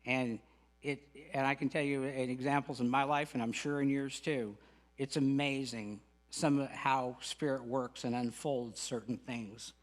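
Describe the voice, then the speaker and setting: A man's voice: medium pitch, fairly even intonation, unhurried. A middle-aged man gives an earnest, folksy spiritual lecture with humorous asides as a guest speaker at a spiritual center.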